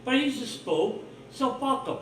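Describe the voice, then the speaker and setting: A man's voice: very high voice, expressive, measured pace, a bit bright, distant mic, slight background noise. A man hosting his own livestream, talking in a rambling, blunt, profane monologue full of suspicion. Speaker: livestream host. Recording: roomy echo, voice off-mic, faint ambience.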